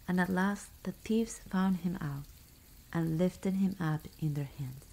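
A woman reading a fairy tale aloud as a whispered ASMR bedtime story, soft and hushed. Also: on the low side, a little slow, creaky, breathy edge, rough recording.

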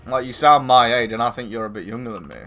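Bright-voiced sweary streamer. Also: male voice, mid-range voice, fast talker. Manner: sweary banter, teasing. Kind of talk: casual gaming chat.

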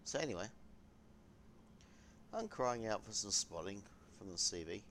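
A man giving casual, chatty gameplay commentary with bursts of excitement. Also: on the low side, a little slow. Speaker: gaming channel host. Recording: game noise in the background.

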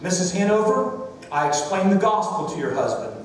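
A man's voice: high-pitched, expressive, moderate pace, a little hiss or hum. A man voicing an earnest young former soldier, quoting him in a story. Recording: echoey church hall, distant mic.

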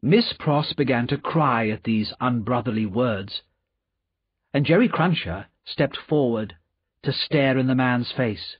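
A man narrating an audiobook with slow, lively storytelling. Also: mid-range voice, breathy edge, no echo. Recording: dull lo-fi recording.

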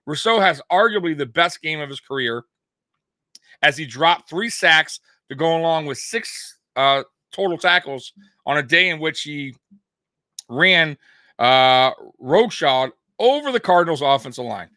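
A young man hosting a fan sports show, talking casually and ranting in an animated way, swearing now and then. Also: fairly high pitch, unhurried, dry recording, clean studio sound. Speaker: sports podcast host.

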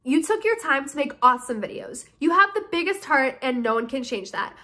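A woman's voice: high-pitched, sing-song, a little fast, pushed and bright. A woman in her early twenties, chatting bubbly and gushing as she opens and reads fan mail aloud in a casual vlog. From United States. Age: early 20s. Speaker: YouTuber opening fan mail.

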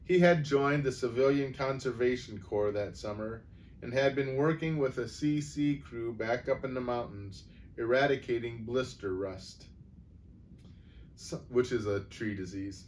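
A man reading a humorous story aloud in an unhurried, wry way, with the odd small stumble. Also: medium pitch, darkish tone. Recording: voice from far off the mic, faint noise.

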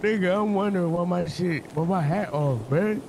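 A man's voice: high voice, moderate pace, darkish tone, a little hiss or hum. A man playing alongside the streamer, bantering casually and incredulously. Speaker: fellow player. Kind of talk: casual game chat.

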